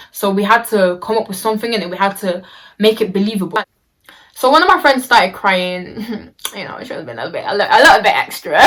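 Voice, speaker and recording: A woman's voice: medium pitch, fairly bright tone. Chatty young woman. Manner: chatty, slangy, with many fillers and restarts. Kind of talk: casual storytime vlog.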